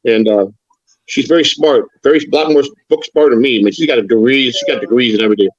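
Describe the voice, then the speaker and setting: A man's voice: mid-range voice, quick pace, dry recording, highs cut off. An older man talking on a live stream as a guest, rambling and frank, with frequent stammered restarts. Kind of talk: casual chat.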